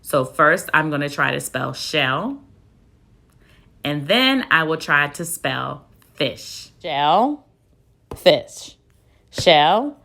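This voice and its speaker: Woman, teacher, low-pitched, slow, deliberate, spells words letter by letter. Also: very animated, vocal fry, pushed and bright. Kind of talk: phonics spelling lesson. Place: classroom.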